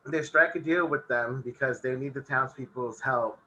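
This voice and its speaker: A man chatting on a casual podcast, recapping an episode in easy, rambling sentences. He laughs often as he goes. His voice is very bright and forceful. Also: medium pitch, normal speed, lo-fi sound. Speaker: podcast co-host.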